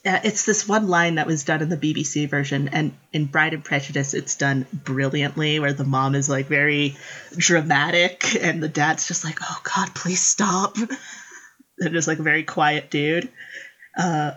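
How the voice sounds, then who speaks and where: A woman's voice: low voice, steady tone, normal speed, fairly bright tone, muffled recording. A woman chatting casually and animatedly, often acting out quotes and laughing. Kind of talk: casual chat about book adaptations.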